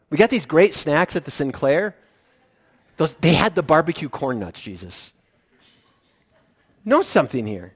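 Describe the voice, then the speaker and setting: A man preaching a sermon as pastor, animated and playful, acting out voices from the story. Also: sits high. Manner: animated, playful, acts out the disciples' lines.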